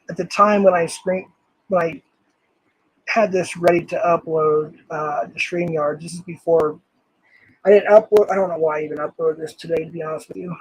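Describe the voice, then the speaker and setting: Older guy ranting on a live stream, swearing a lot, kinda high husky voice, dry close mic. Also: dry recording, low-quality recording. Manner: angry, swearing, reading comments aloud. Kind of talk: casual live-stream commentary.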